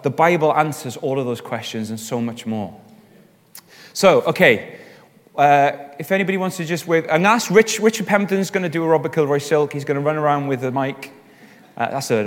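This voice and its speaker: A man leading a church group discussion, chatty and encouraging, with quick asides. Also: fairly high pitch, fairly bright tone. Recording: long reverb in a large hall.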